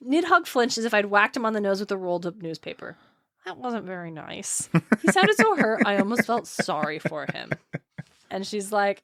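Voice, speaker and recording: A woman co-hosting a podcast, retelling a book in a quick, animated way with frequent laughs. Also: medium pitch, no room sound, clean studio sound. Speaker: podcast co-host. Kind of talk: casual book discussion.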